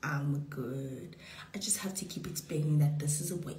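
A tipsy young woman chats to her viewers, giggling and sliding into playful whispers. Her voice sits on the low side, picked up by a phone in an echoey bedroom. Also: normal speed, background noise. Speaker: social media personality. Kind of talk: casual livestream chat. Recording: echoey room.

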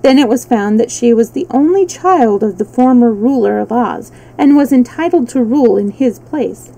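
A woman reading a children's book aloud on a livestream, relaxed, with small slips she corrects. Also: on the high side, normal speed, vocal fry, rough recording. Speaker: storyteller. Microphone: livestream mic.

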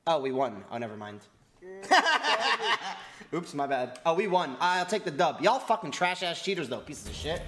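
A man streaming an online game, loudly taunting opponents with profanity and laughing between insults. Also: a little high, big pitch swings, a little slow, music in the background. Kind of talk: live-stream trash talk.

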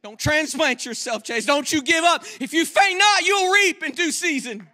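Man, guest preacher, very high voice, sermon in a church, fervent and shouting at peaks, quick quiet asides. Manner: impassioned preaching that swells into shouts.

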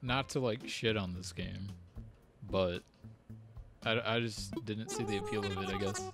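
Chill guy playing a game w a friend, kinda low and gravelly voice. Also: steady tone, measured pace, fairly bright tone. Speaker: co-host player. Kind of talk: casual gaming chat. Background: game music.

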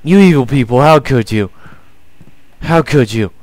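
A man's voice: mid-range voice, lively intonation, a little slow, a little mellow, dry recording, rough recording. A young man commentating a horror game, jumpy and panicky, often crying out in fright. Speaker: gameplay commentator.

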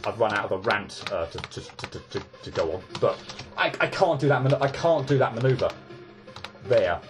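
A man's voice: on the low side, lively intonation, normal speed, music in the background. A man giving casual gameplay commentary, ranting in exasperation and stumbling over repeated restarts. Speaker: let's play gamer.

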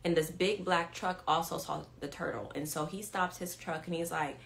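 A woman leading a live-stream devotional, telling a story to her viewers, animated and repeating key lines for emphasis. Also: sits low, normal speed, gravelly, few pauses, slight background noise. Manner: talks straight to viewers, asks if they follow. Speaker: women's ministry leader.

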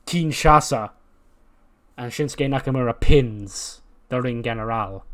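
Casual male let's-play commentator, rambling and jokey, mid-pitched voice. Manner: rambling, jokey, slangy storytelling. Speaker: gaming YouTuber.

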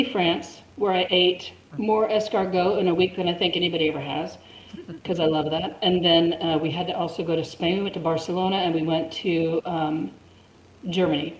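A woman's voice: lowish voice, slight background noise. Chatty woman in a roomy echo. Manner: chatty, laughs often. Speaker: guest. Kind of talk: casual storytelling.

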